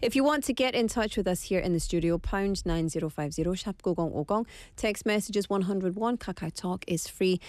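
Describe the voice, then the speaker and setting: A woman's voice: a little high, dry recording. A Scottish woman hosting a radio show in a studio, chatting playfully and teasing herself as she goes. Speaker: radio host. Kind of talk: casual radio chat.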